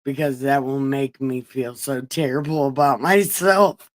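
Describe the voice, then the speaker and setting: A woman's voice: rumbling low, steady tone, measured pace, background noise. A woman hosting a casual livestream Bible reading, swearing and laughing as she chats with her viewers. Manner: crude, swearing, laughing asides, chatting to viewers. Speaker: livestream host.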